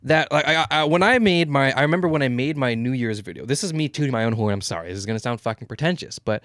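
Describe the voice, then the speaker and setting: A man co-hosting a podcast in casual chat, talking fast and stammering, animated and swearing freely. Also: medium pitch, no room sound, studio quality. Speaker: podcast co-host.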